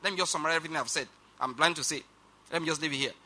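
Male preacher, high and very bright voice, emphatic sermon delivery, drawn-out scripture reading, quick asides to the congregation. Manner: emphatic, slows down for quoted scripture; rushed asides, calls on congregation to repeat.

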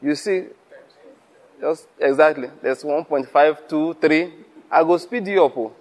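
Preaching to fellow pastors, a man tells lively stories, acts out conversations and laughs often. His voice is on the high side and a little slow.

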